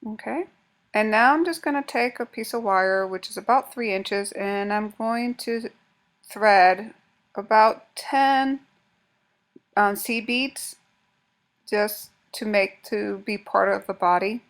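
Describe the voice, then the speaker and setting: A woman takes it slowly as she guides listeners through a craft project step by step in a mid-range voice. Chatting casually while her hands stay busy, she frequently breaks off and restarts sentences, keeping things informal and practical, like a tutorial at home.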